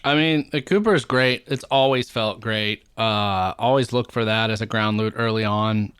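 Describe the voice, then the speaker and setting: A man's voice: fairly low pitch, normal speed, fairly bright tone, clear, resonant tone, dry recording, clean studio sound. A man co-hosting a casual gaming podcast, talking in a chatty, rambling way and listing weapons at length. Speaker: podcast co-host.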